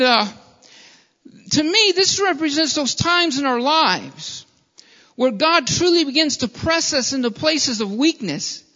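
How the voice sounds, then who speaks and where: High bright-voiced pastor preaching, earnest and repetitive, dull lo-fi recording. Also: male voice. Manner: earnest preaching, repeats phrases, addresses listeners as beloved. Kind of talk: sermon. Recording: dull lo-fi sound with long hall reverb.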